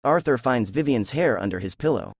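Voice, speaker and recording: A man reading a drama transcript aloud, announcing character names and stage directions in a flat manner. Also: medium pitch, brisk, no echo, dull audio. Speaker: script reader.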